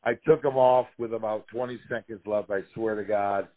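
A man, a former fighter, telling wild career stories in a casual, profane, animated way. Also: fairly low pitch, normal speed. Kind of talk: casual storytelling interview. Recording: tinny phone-like line.

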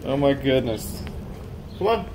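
Woman coaxing her dogs, loud barking behind. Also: very deep voice, big pitch swings, a little slow, background noise. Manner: coaxing, praising pet-talk with sing-song leaps. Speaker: dog owner vlogger. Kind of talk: casual talk to pet dogs.

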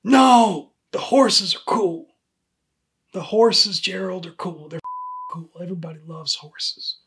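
A man's voice: sits high, slow, background noise. A man plays a weary human resources supervisor scolding an employee in a comedy sketch. He talks in a dry, pointed way and keeps repeating the employee's name. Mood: exasperated. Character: exasperated male HR supervisor.

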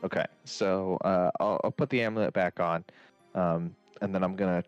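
A man's voice: low voice, steady tone, normal speed, clean tone, no echo. A man playing in a tabletop game, chatting casually and hesitantly with fillers. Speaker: player. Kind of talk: casual tabletop role-play chat. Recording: dry, muffled lo-fi with faint music.

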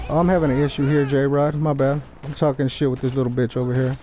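Young male gamer, cocky taunting trash talk, slightly high voice, headset mic, faint noise behind. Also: fast, few pauses, warm tone. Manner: taunting, profane, boastful. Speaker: gamer streaming online play. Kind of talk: trash talk over game voice chat.

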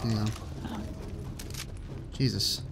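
A man's voice: extremely slow, background noise. A young man giving casual, joking commentary while he plays a video game, swearing often. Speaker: gaming YouTuber.

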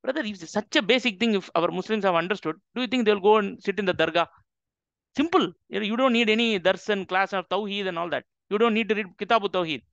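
This Islamic teacher speaks fast in a high-pitched, gravelly, fairly bright voice with no echo, running an interactive religious class. Emphatic throughout, he repeatedly checks in with "right?", and the sound is dull, dry and lo-fi.

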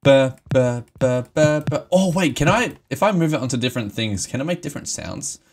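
A man live-streaming a game, excitable and emotional, swearing and laughing often as he talks to his chat. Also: medium pitch, fairly quick, slight background noise.

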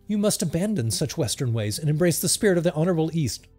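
A man's voice: fairly high pitch, expressive, quick pace, a little mellow, soft background music. A man voicing a theatrical fake-mystic woman medium with grandiose, wailing incantations.

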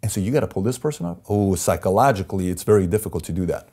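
Man, interview guest, husky, dark tone, emphatic storytelling. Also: low voice, lively intonation, very fast. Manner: intense, emphatic, acts out quoted voices. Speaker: interview guest, company CEO.

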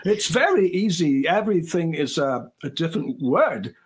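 A man's voice: a little high, big pitch swings, moderate pace, husky. A man from Canada, a guest musician, chatting casually and joking in a rambling, self-deprecating way over a video call. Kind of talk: casual interview chat.

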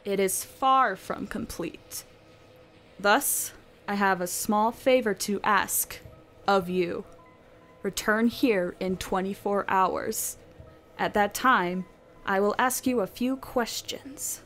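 An eerie, mysterious presence speaks slowly and softly, stretching each phrase into a hushed, ominous crawl, as a woman puts on a spooky reading voice. Faint music plays underneath. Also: medium pitch. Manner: slow, hushed, drawn-out reading. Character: eerie mysterious online entity, calm and ominous.

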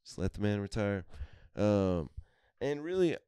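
A man's voice: lowish voice, a little slow, clean tone, no room sound, studio quality. A young man on a casual podcast, telling rowdy, profane stories with lots of laughter. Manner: profane, animated storytelling, laughs often. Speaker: podcast host. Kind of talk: casual chat.

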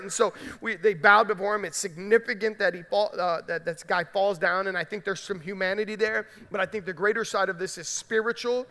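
Man, pastor, high bright voice, emphatic conversational sermon, long hall reverb. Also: fairly even intonation, brisk, hardly any pauses. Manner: emphatic, conversational preaching with frequent "right?". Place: large church sanctuary.

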